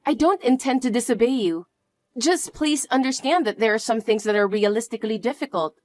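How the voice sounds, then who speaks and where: A woman voicing a polite, patient young wife who speaks softly and apologetically. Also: a little high, fairly quick, no echo, natural voice. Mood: pleading. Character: polite, patient young wife, a put-upon daughter-in-law. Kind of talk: dramatized story dialogue.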